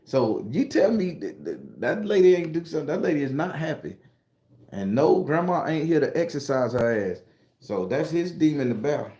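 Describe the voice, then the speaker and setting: A middle-aged man from South Carolina, casually telling stories and answering viewer comments on a livestream in a loud, profane, laughing way. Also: on the high side, moderate pace. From South Carolina, USA. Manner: animated, profane, laughing storyteller. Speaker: YouTube tarot reader and storyteller. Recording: roomy echo.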